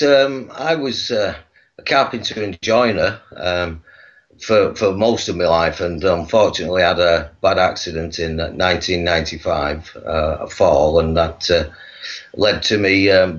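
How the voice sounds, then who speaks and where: A man from England, a guest on a video call, telling his life story in a halting way full of pauses. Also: sits low, a bit bright, muffled recording. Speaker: guest, activist.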